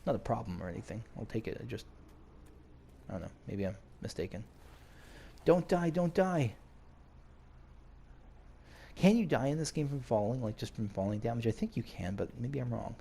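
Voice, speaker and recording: A man playing a video game and casually thinking out loud, now and then reading in-game notes aloud. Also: lowish voice, expressive, fast talker, creaky, breathy edge. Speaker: game streamer. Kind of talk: casual let's-play commentary.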